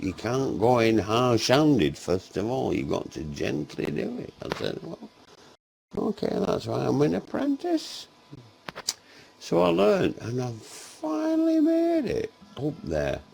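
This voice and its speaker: A man's voice: mid-range voice, gravelly, darkish tone, a little hiss or hum. Sweary older man telling tales. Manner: swears constantly, acts out both sides of dialogue, laughs often. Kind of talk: rambling comic anecdote.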